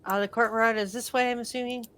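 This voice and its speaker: A woman playing a tabletop game over voice chat, chatty and quick, trailing off into fillers. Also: on the high side, steady tone, a bit bright, clean tone. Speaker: player.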